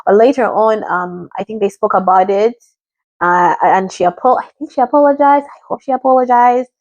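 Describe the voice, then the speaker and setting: A woman's voice: a little high, brisk, darkish tone, no echo, highs cut off. A woman from Africa in a rambling, chatty review of a reality show, often mimicking what others said. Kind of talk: casual chat.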